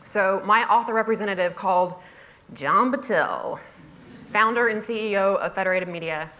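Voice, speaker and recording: A woman's voice: mid-range voice, normal speed, pushed and bright. A woman blogger telling a humorous story on stage. She speaks with wry, self-mocking comic timing, laughs through her own asides and mimics other people's voices. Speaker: blogger giving a talk.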